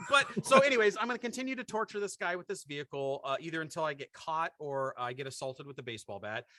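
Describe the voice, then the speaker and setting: Bright, animated man telling a comedic story. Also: on the high side, quick pace, dry recording. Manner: animated storyteller who laughs through his own jokes. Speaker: podcast co-host.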